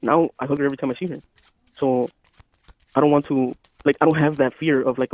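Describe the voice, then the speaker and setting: A man co-hosting a casual podcast chat, talking in a calm, even, matter-of-fact way. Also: medium pitch, quick pace, no room sound. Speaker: podcast co-host. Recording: dry, phone-like thin sound.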